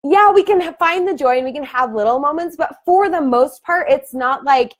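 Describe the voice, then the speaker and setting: Thirties woman coach, casual chatty delivery, frequent laughs, higher voice, webcam sound. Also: normal speed. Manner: chatty, laughs often, animated bursts. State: emotional. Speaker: fitness team coach. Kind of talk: live video team call.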